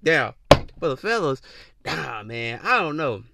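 A man's voice: on the high side, very animated, measured pace, creaky, bright, forceful tone, no room sound, clean studio sound. A young man hosting a podcast, giving a teasing, slangy comedic monologue full of repeats and mock voices. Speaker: podcast host.

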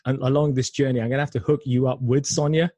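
A man hosting a podcast interview, chatty and upbeat, with a calm spoken sign-off. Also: mid-range voice, fast talker, no echo. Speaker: podcast host. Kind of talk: casual interview chat.

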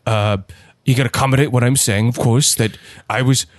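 A man's voice: mid-range voice, steady tone, normal speed, dry recording, clean studio sound, lightly acted. A man voicing a creepy, smug male priest who talks in a fawning, sanctimonious way, in an improvised comedy sketch.

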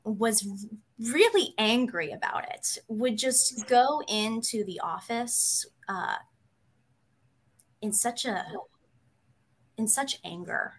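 A woman, a psychotherapist, telling a personal story in an interview, hesitant with many pauses, candid and emotional. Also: fairly high pitch, animated.

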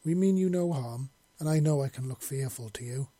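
A man voicing a huge male deathclaw creature who speaks slowly and formally, coldly furious at villains yet gentle with the freed captives. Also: medium pitch, no room sound, lightly acted. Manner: slow, solemn, formal speech.

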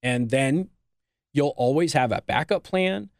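In a radio studio with clean sound and no echo, a male talk radio host delivers an opinionated monologue full of blunt, teasing advice. He speaks in a mid-range voice at a measured pace.

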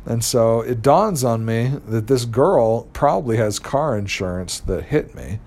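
A man's voice: mid-range voice, unhurried, darkish tone. A young man casually telling a personal story, rambling with many fillers and restarts.

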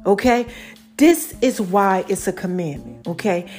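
A woman teaching scripture on a podcast, animated and forever checking in with her listeners. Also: medium pitch, measured pace, soft background music. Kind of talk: preaching on a podcast.

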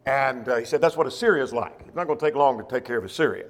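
A man's voice: mid-range voice, animated, rapid-fire. A man teaching a Bible class, reading verses and rephrasing them in plain words with rhetorical questions. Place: church classroom or auditorium. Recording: long reverb of a church hall.

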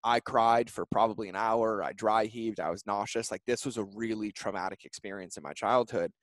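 Brief: thirties male guest, low and heartfelt, close dry mic, earnest run-on storytelling. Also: a little fast, no echo. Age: 30s. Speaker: podcast guest. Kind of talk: emotional personal storytelling.

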